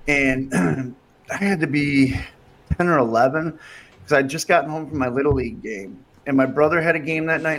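A man's voice: medium pitch, a little hiss or hum. A man telling a story in casual podcast chat, acting out what people said along the way. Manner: animated storyteller acting out quotes. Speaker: podcast guest.

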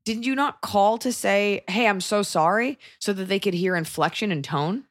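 A woman comedian co-hosting a casual chat, giving blunt and animated opinions. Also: medium pitch, moderate pace. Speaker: podcast co-host and comedian.

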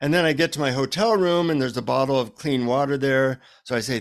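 Animated middle-aged male storyteller. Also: medium pitch, fast talker. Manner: animated storyteller, acts out dialogue. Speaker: author guest. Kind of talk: conversational storytelling.

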